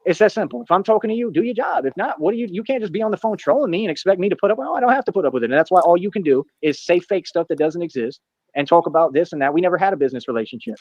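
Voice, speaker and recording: A man rattles off a boastful, defiant monologue at a rapid clip, his voice pitched a bit high. The sound is dull and muffled, with a dry, close feel. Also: animated, darkish tone, no room sound. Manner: boastful, defiant, rapid slang-filled talk. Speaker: streamer in a played clip.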